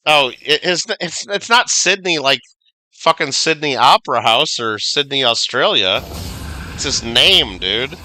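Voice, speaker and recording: Male streamer, casual gaming chat, lively pitch, dry close mic. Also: measured pace, no room sound. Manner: chatty, reads viewer comments aloud, swears casually.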